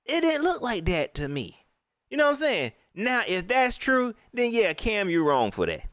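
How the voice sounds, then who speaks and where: A man's voice: sits high, huge pitch swings, moderate pace, fairly bright tone, dry recording, studio quality. A young man hosting a live postgame stream. He vents in heated, slangy talk, repeating himself and mocking the quotes he reacts to. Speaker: livestream host.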